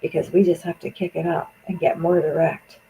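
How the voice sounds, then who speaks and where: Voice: medium pitch, little pitch movement, fairly quick, creaky, dark tone, a little hiss or hum, rough recording. A speaker, angrily venting in a profane political monologue on a stream. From Canada.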